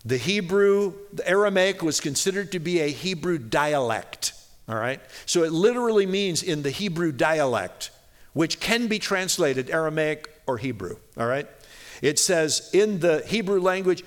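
A man's voice: on the high side, animated. Man teaching scripture in a sermon. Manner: conversational, many "you know" fillers and restarts; reads scripture slowly and deliberately. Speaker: Bible teacher.

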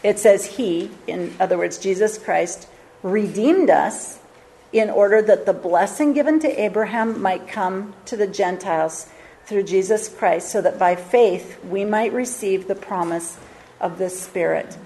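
A woman's voice: medium pitch, measured pace, warm tone, low-quality recording. A woman giving a sermon, retelling a Bible story in a casual, conversational way with occasional fillers and reading scripture aloud. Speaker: Bible teacher.

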